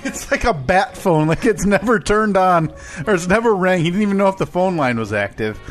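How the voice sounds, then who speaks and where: A man's voice: sits high, expressive, brisk, soft background music. A man co-hosting a casual comedy podcast, rambling through jokes and laughing often. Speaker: podcast co-host.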